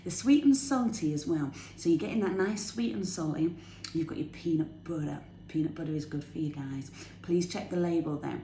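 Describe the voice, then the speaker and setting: She speaks in a low-pitched, mellow voice at a moderate pace, with hardly any pauses. A fitness vlogger in her kitchen at home, she shares laid-back healthy-eating tips with viewers to camera, bubbly and enthusiastic, laughing as she goes. Slight background noise sits in an echoey room with faint ambience.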